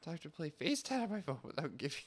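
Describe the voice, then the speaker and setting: A man's voice: fairly high pitch, sing-song, fast talker. A young man streaming a game, chatting casually and rambling, often stopping himself mid-thought and laughing. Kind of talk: casual gameplay chat.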